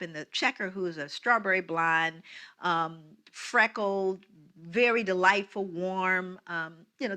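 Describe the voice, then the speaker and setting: A middle-aged woman telling a personal story in an animated way, often checking in with her listeners. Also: medium pitch. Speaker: speaker sharing a personal story. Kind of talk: storytelling talk.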